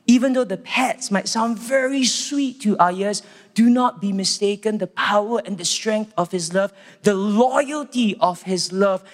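A young man with a Singaporean English accent preaching a sermon in an earnest, emphatic, storytelling way. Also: sits high. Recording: echoey church hall reverb.

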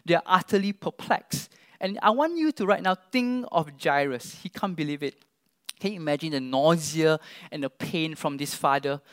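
A man's voice: high voice, no echo. A man preaching a sermon, emphatic, asking the listeners questions directly and acting out the disciples' sarcastic lines.

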